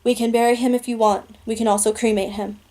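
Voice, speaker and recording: A woman voicing a calm, practical teenage girl who speaks quietly and matter-of-factly. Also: on the high side, fast talker, close to an everyday voice. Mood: concerned.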